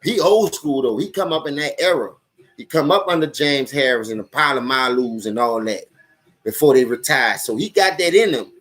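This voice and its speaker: Expressive and a bit bright, this young man's medium-pitched voice moves at normal speed. Hosting a live stream with a New Orleans accent, he addresses viewers directly in an animated, profane football rant.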